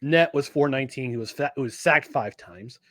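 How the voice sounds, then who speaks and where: A man co-hosting a sports podcast in casual chat, animated and jokey, often restarting his sentences. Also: mid-range voice, brisk, dry recording, clean studio sound. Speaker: podcast co-host.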